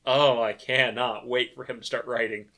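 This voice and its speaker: A woman co-hosting a comics podcast, trading deadpan quips and gushing over panels in casual banter. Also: rumbling low, moderate pace, a crowd in the background. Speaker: podcast co-host.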